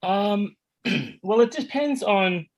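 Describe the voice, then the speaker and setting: An American man who works as an actor and voice actor, answering interview questions in a relaxed, rambling way with many fillers and restarts. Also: high voice, slow pace, poor audio. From United States.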